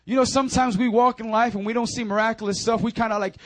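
A man pastor preaching a sermon, animated, swinging between loud urging and quiet, close talk, with repeated calls like "come on now.". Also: very high voice, fast talker.

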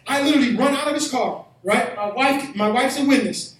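A man preaches to his congregation, telling a personal story before rising to shouted exhortation. His voice sits very high for a man. The sound carries the heavy echo of a church hall, and he is picked up from some distance away from the mic. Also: normal speed. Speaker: pastor. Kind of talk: sermon.

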